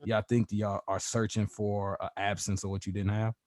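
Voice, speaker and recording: A man's voice: lowish voice, little pitch movement, moderate pace, darkish tone, no echo, clean studio sound. A man hosting a casual podcast chat, loose and joking, asking questions. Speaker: podcast host.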